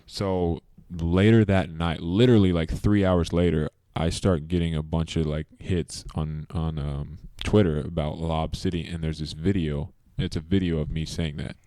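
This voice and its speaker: A man's voice: very deep voice, fairly even intonation, moderate pace, few pauses, mellow, no echo. A young man, a basketball player guest, telling stories in a laid-back podcast chat full of fillers.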